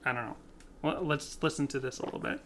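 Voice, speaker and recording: A man's voice: a little high, fast, loud music behind the voice. A man co-hosting a podcast in casual chat, rambling and laughing as he talks. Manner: rambling, laughs often, self-correcting. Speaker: podcast co-host.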